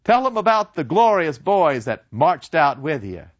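A man voicing a zealous, pompous old schoolteacher who preaches glory in a shrill, strident way. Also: sing-song, measured pace. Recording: dull lo-fi dry recording.

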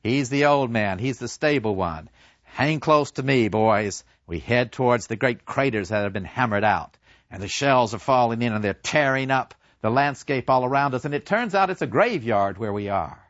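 Animated man retelling a war story. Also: mid-range voice, normal speed, no echo, lo-fi sound. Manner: animated, acts out quotes.

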